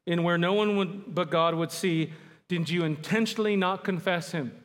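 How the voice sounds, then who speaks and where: A man preaching a sermon, emphatic, slowing down to stress key words. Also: sits high, a bit bright. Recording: long hall reverb.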